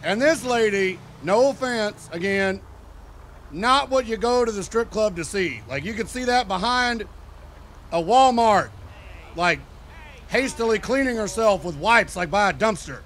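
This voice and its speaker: High-voiced man telling a crude story. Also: animated, measured pace, fairly bright tone, a little hiss or hum. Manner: profane, joking, conversational. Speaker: role-play character telling a story. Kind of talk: in-character casual storytelling. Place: game role-play voice chat.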